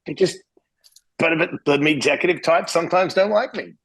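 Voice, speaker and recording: A middle-aged man from Western Australia, an interventionist guest telling blunt, animated stories in a casual interview. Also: a little fast, husky, no echo, low-quality recording. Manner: blunt, animated, swings pitch when quoting himself.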